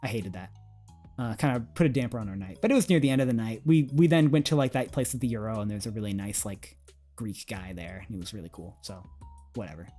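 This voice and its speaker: A man's voice: lowish voice, quick pace, warm tone. A man streaming, casually telling a rambling story with many fillers and chuckles. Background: faint music.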